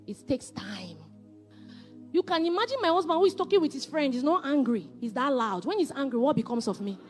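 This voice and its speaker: A woman, giving a faith-based marriage teaching with animated, emphatic repetition. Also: high voice, a little fast, faint music behind.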